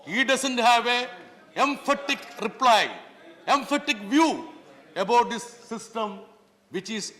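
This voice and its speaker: A man from Kerala, India, delivers an emphatic floor speech as a member of parliament, full of pointed rhetorical questions. His voice is high-pitched, bright, and forceful, echoing through the large, reverberant parliament chamber.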